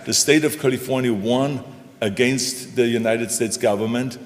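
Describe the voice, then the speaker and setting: A man's voice: medium pitch, normal speed. An older man, a former governor, speaking as the guest in an onstage conversation, emphatic and folksy, hammering home short punchy phrases. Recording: echoey hall.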